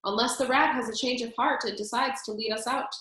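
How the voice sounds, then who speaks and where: Kind young storybook princess, read by a woman, soft and earnest, echoey room. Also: a little high, fairly even intonation, a little fast, lightly acted. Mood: gentle.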